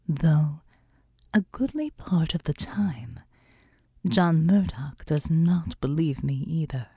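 A woman reading an audiobook, voicing a serene, otherworldly female seraph who speaks slowly and in a hushed, deliberate way. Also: low-pitched, lively intonation, slightly rough, dry recording, studio quality, voice pushed down, exaggerated voice. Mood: solemn. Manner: hushed, slow, deliberate delivery.

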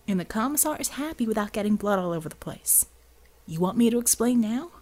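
A woman's voice: medium pitch, lively intonation, brisk, a little mellow, close to an everyday voice. A woman voicing a blunt, seasoned male soldier in an audiobook, drawling slang with wry impatience. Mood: persuasive. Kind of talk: audiobook character voice.

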